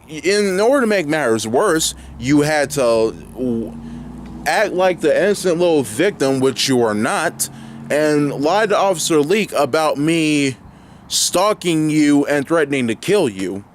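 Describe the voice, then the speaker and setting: A man's voice: a little high, a little hiss or hum. A young man vlogging outdoors near his home, ranting indignantly and rambling with lots of fillers and restarts. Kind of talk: angry ranting vlog.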